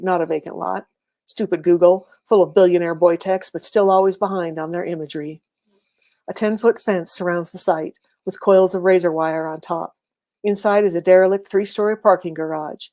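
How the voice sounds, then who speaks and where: A woman reading a first-person serialized story aloud in a steady, wry, conversational way. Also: on the low side. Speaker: reader.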